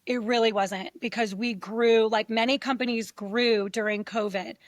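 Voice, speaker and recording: A woman's voice: fairly high pitch, moderate pace, no room sound. A middle-aged woman, a podcast guest, telling her story candidly and acting out quoted voices as she goes. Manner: animated, acts out quoted voices.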